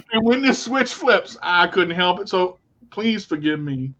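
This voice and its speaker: A man co-hosting a casual talk show, telling stories in a blunt, animated way and swearing freely. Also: high voice, takes it slowly. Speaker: podcast co-host. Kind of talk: casual storytelling chat. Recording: dull lo-fi recording.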